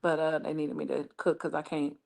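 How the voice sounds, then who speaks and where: A woman's voice: low voice, flat delivery, fairly quick, gravelly, darkish tone. A woman hosting a livestream, gossiping in a brash, profane, laughing way. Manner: brash, profane, laughing, lots of "child" and "baby". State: injured foot. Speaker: livestream host. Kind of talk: casual gossip chat.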